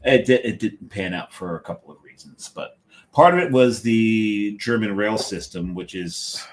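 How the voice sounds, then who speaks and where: A man's voice: on the low side, slight background noise. Rambling, joking male podcast co-host. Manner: rambling, joking, with filler pauses. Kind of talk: casual podcast chat.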